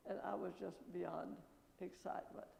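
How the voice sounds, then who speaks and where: An older woman missionary telling her story in church with lively anecdotes and quoted dialogue, recorded in an echoing church. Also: lowish voice, normal speed, gravelly, slight background noise. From American Midwest. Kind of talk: testimony talk at church. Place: church sanctuary. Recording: echoey church with long reverb.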